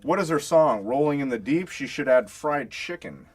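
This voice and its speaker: A man on a talk show, reading items out haltingly with many fillers. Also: medium pitch, lively intonation, husky.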